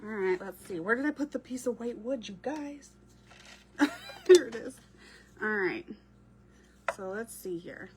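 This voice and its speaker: A woman's voice: on the high side, animated, a little slow, pauses often, noisy background. A woman chatting casually while she crafts, answering viewers as she works. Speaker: craft creator. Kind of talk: casual crafting livestream chat.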